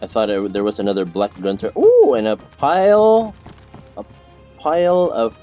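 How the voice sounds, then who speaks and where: A man's voice: medium pitch, big pitch swings, normal speed, mellow, highs cut off, faint music behind. A young man streaming a game, chatting casually with teammates, rambling and repeating himself with lots of fillers and restarts. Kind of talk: casual gameplay chat with teammates.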